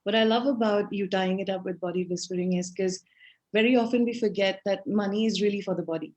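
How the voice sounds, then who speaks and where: A woman's voice: medium pitch, fast, a little mellow, highs cut off. A woman interviewing a guest, enthusiastically summarizing what she hears and asking questions, with many fillers. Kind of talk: conversational interview.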